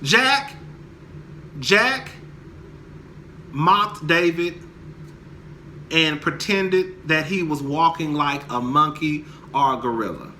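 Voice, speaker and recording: A man's voice: fairly high pitch, animated, takes it slowly, long pauses, bright, forceful tone, slight background noise. A young man angrily ranting about a reality TV show, heated, profane and emphatic. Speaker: commentator. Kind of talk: angry reality TV rant to camera.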